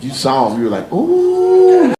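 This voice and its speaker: A man doing stand-up crowd work, teasing audience members with quick-fire questions. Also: medium pitch, expressive. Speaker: stand-up comedian. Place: comedy club stage. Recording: echoey live venue with loud crowd laughter.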